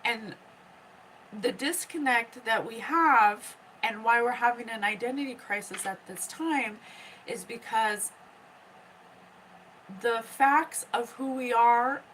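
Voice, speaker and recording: A woman hosting a psychic podcast, slowly and earnestly relaying messages from spirit and often pausing to check in with "okay?". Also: fairly high pitch, a bit bright, a little hiss or hum, low-quality recording. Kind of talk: slow spiritual teaching monologue.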